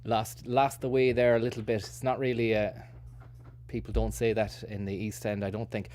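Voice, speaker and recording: A man's voice: fairly low pitch, flat delivery, moderate pace, darkish tone. A man hosting a stream, rambling through casual, self-mocking commentary with sweary asides. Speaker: streamer host.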